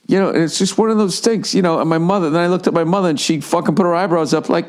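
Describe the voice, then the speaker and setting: A man in his forties ranting through a casual comedic monologue as a podcast host, swearing heavily and jumping up in pitch. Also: fast talker. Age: 40s. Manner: ranting, heavy swearing, animated rises in pitch.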